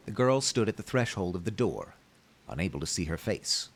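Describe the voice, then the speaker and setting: A man streaming, reading a game's story aloud with measured, wry asides. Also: deep voice, sing-song. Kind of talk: reading a game aloud with commentary.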